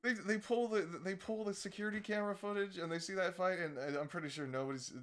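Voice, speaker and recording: A young man reacts to clips on a live stream in a loose, mocking way, laughing often and swearing freely. His voice sits a little on the high side. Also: steady tone, fast, background noise. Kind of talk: casual live-stream commentary.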